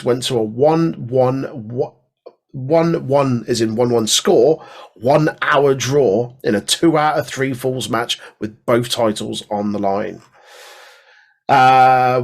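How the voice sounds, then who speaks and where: Man, podcast co-host, reads history facts, jokey asides, mid-pitched voice. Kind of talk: casual podcast segment, reading history facts.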